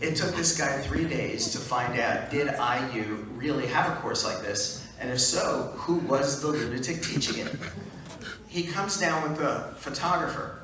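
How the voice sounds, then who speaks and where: A man speaking at a fan event, telling an animated, punchy anecdote to a crowd. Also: mid-range voice, a little slow, noisy background. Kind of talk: storytelling talk. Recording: echoey hall from far off.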